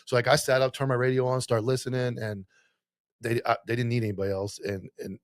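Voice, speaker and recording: A man's voice: mid-range voice, flat delivery, fast talker, no room sound, clean studio sound. A man hosting a casual interview, a police officer himself, who tells stories animatedly, swears freely and acts out both sides of a phone call. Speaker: podcast host, police officer.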